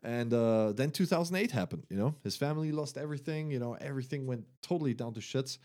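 A man in relaxed conversation, laughing a lot and swearing freely. He tells his stories in an animated way, acting out little quotes as he goes. His voice sits at a middle pitch. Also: fast talker. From Germany. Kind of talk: casual chat.

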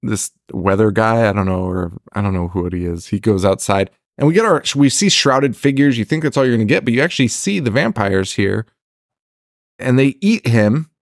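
A man's voice: lowish voice, lively intonation, moderate pace, no room sound, studio quality. A man co-hosting a casual movie review podcast, ranting with lots of swearing and laughing often. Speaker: podcast co-host.

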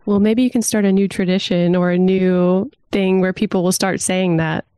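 A woman co-hosting a podcast, reading listener questions in a bright, lightly amused way. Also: fairly low pitch, fairly even intonation, normal speed, clean tone, no room sound, studio quality. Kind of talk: casual chat.

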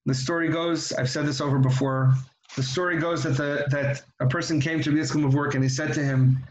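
A man's voice: a little high, fairly even intonation, brisk, a little hiss or hum. A man giving an earnest, reflective religious talk that moves into storytelling, often restarting his sentences. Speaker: religious teacher. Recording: echoey room.

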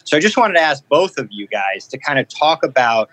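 A man's voice: medium pitch, very animated, fairly quick, fairly bright tone, dry recording, poor audio. A man, a sports reporter hosting, asking long, rambling interview questions full of "you know".

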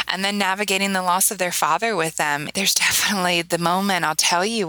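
A woman's voice: lowish voice, no room sound, rough recording. A woman in her thirties, a podcast guest, talking earnestly and with feeling about her family, often adding "right?" and acting out quoted lines. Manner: earnest, emotional storytelling with lively quoted voices; repeats "right?" for emphasis. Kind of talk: heartfelt interview talk.

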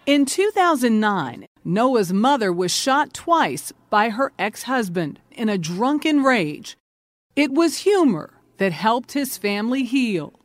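Lively woman news narrator. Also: fairly high pitch, takes it slowly, dry recording. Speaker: news correspondent.

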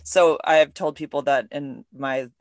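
A woman hosting a podcast, telling stories in an animated, emotional way. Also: low voice, moderate pace, no echo. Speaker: podcast host. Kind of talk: casual podcast conversation.

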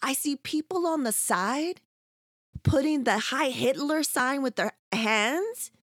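A woman's voice: sits high, slow, no echo, clean studio sound. A woman telling a story in casual chat, swearing freely and acting out what others said. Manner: animated, profane, acts out quotes.

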